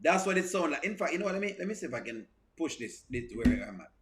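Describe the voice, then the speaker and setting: A man's voice: on the high side, very animated, quick pace. A man hosting a live reaction stream, reading out viewer comments and repeating himself with stammering restarts.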